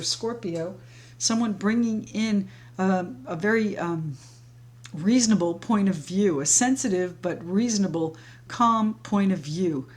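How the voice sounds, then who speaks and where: A woman's voice: mid-range voice, darkish tone. Woman giving a flowing tarot reading. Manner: flowing, reassuring, speaks directly to viewers as friends. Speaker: tarot reader. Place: home, sage burning nearby.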